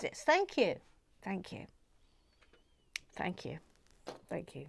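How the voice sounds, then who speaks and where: A woman hosting a relaxed Lego building video, chatting casually and muttering softly to herself with self-mocking asides. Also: on the low side, slow pace, creaky, pauses often, a little hiss or hum. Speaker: host building a Lego model. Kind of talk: casual chat while building.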